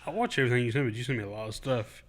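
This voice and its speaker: A man co-hosting a podcast in casual chat, excitable, laughing often and trailing off mid-sentence. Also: medium pitch, rapid-fire. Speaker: podcast co-host.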